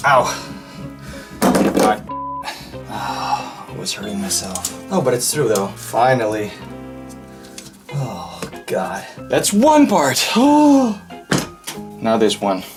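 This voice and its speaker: A man narrating a hands-on restoration in a hot room, muttering, sighing and straining while he works. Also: mid-range voice. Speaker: vlogger restoring a helmet. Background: background music.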